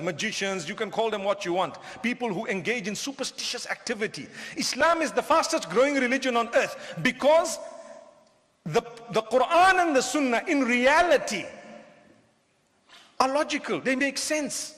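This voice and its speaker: A man preaching to a live crowd with a very high voice for a man, carried by a long hall reverb. He is animated and humorous and keeps throwing questions at his listeners. He is from southern Africa. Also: moderate pace. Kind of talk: lecture to a live audience.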